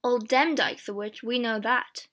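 A woman doing a quiet, kind gentleman. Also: on the high side, unhurried. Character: kind, calm gentleman magistrate.

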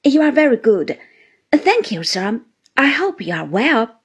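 A woman voicing a mild, meek elderly little man, a country doctor, who speaks slowly, with deference and apology. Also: on the high side, sing-song, breathy edge, heavily acted. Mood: meek, deferential.

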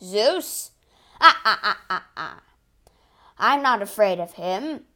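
Woman voicing a loud gloating cyclops giant. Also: expressive, slow pace. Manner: booming, gloating laugh. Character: huge brutish male one-eyed giant, greedy and cruel.

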